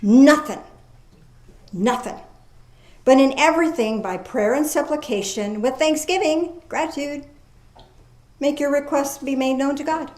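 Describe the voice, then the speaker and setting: A woman preaching a sermon in a lively, folksy way, reading scripture aloud slowly and commenting with casual asides. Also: high-pitched. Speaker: pastor. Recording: echoey room.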